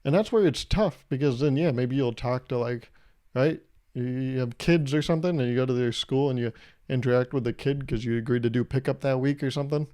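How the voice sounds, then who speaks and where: A man's voice: medium pitch, brisk, a little mellow. Rambling, jokey man in his twenties. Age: 20s. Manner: rambling, self-deprecating, jokey asides. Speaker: podcast host. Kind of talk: casual solo podcast monologue.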